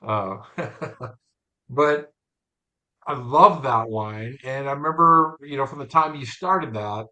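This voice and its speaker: A man's voice: medium pitch, takes it slowly, bright, forceful tone. A man hosting an interview, asking casual, loosely phrased questions with enthusiasm. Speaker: host.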